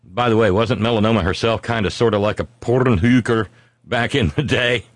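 A man's voice: fairly low pitch, moderate pace, no room sound. A man hosting a comedy talk stream, reading viewer comments with sardonic, profane asides.

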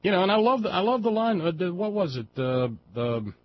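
A man's voice: high-pitched, big pitch swings, brisk, no echo. A man hosting a liberal talk radio show, delivering a folksy, digressive, impassioned political monologue. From West Virginia. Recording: dull lo-fi audio with faint background noise.

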